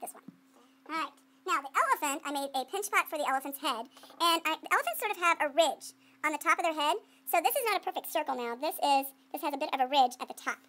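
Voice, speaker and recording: A woman's voice: high-pitched, animated, fast talker, bright, forceful tone. A woman art teacher giving a playful running commentary while she demonstrates clay sculpting to students.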